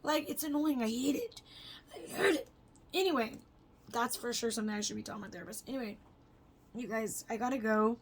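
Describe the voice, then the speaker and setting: This young woman's vlog is brisk and casual, delivered in a high-leaning voice with frequent pauses. She's chatty and meandering, dropping fillers and curse words throughout.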